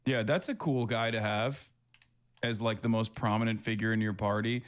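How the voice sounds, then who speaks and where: A man's voice: fairly low pitch, normal speed. Sarcastic man streaming live commentary. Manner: sarcastic, animated, mocking asides. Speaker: streamer reacting to videos. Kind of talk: casual reaction commentary.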